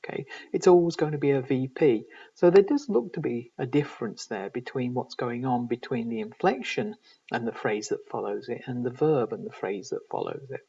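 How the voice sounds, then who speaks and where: A man giving a recorded university lecture in linguistics, measured and explanatory, often pausing to find his words. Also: mid-range voice, gravelly, mellow, slightly rough. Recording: distant, dull lo-fi recording.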